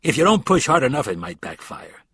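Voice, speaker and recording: A man's voice: medium pitch, lively intonation, normal speed, a bit bright, breathy edge, no room sound. A man voicing a smug, wealthy American man with a slight New York accent, speaking in a pointed, edged way.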